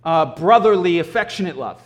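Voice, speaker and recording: High-voiced man preaching casually. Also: brisk. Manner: animated, casual storytelling with frequent throat clearing. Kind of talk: conversational sermon.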